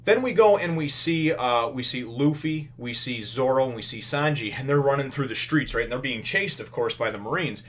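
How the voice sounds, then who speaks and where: A man's voice: medium pitch, animated, normal speed, hardly any pauses. A man casually retelling a comic chapter, rambling with many fillers and quoting the characters in a raised voice. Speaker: comics reviewer.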